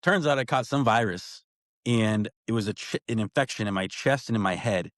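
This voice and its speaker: A man talking as a podcast guest, telling stories in a casual, animated way full of slang like "bro" and "dude". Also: fairly low pitch, brisk, dry recording, studio quality. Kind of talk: casual storytelling chat.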